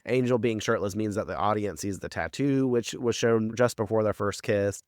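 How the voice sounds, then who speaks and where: Man, podcast recap, low voice, dry close sound, rambling, lots of "like", swears. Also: moderate pace, darkish tone, no room sound. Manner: rambling, filler-heavy, swears freely. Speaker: podcast co-host recapping a TV episode. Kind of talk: casual chat.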